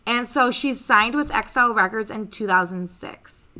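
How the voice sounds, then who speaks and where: A woman's voice: on the high side, measured pace, pushed and bright. A young woman hosting a casual podcast chat, telling a story in a chatty, swearing, offhand way. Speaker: podcast host.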